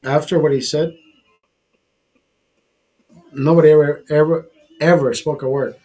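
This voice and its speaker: A man's voice: on the high side, steady tone, a little slow, warm tone. Rambling, profane man telling stories. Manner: profane, rambling anecdotes with acted-out quotes. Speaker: host. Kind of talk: casual storytelling chat.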